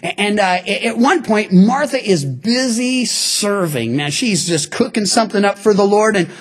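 Animated, husky-voiced male preacher. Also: sits high, normal speed. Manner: animated, acts out voices of people in stories. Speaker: pastor. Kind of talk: sermon. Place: church before a congregation.

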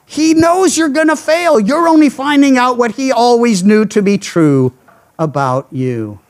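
A man pastor preaching a Bible sermon, earnest and emphatic, letting his phrases fall low at the end. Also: animated, measured pace. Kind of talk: expository sermon.

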